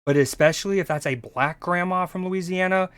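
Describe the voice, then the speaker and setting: A man's voice: high-pitched, fairly quick, fairly bright tone, clean tone, dry recording. A man from the United States streaming, reacting in rambling, profane casual chat. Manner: rambling, profane, restarts often.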